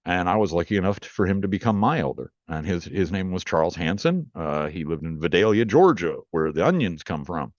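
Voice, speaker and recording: A deep-voiced man recounting his past in a plainspoken, earnest, meandering way. The sound is dry and a bit dull, like lo-fi remote audio. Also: expressive, brisk, hardly any pauses, no room sound. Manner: plainspoken, earnest, rambling storyteller. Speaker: guest, rootworker and author. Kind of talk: storytelling in a podcast interview.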